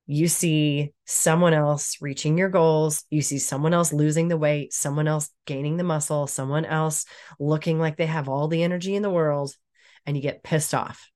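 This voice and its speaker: A woman with a somewhat low voice delivers a motivational monologue straight to the listener. She talks bluntly and casually, swearing freely and laughing often. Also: darkish tone.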